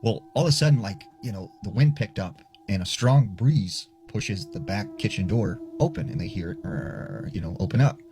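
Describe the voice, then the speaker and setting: A man's voice: fairly low pitch, wildly swooping pitch, moderate pace, hardly any pauses. A man casually telling a spooky story, chatty and loose, full of filler words. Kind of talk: casual spoken ghost story. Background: music.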